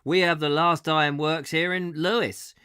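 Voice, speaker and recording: A man's voice: fairly high pitch, steady tone, measured pace, bright, forceful tone, clear, resonant tone, no echo, studio quality. A man voicing a friendly, knowledgeable stranger at a pub, speaking with a put-on West Country accent. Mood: helpful. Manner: chatty, helpful.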